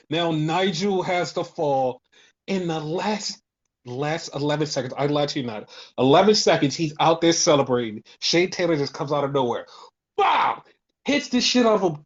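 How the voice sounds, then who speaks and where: A man hosting a casual podcast, telling stories excitedly and swearing constantly. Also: sits high, dull audio. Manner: excited, profane storytelling. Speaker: podcast host.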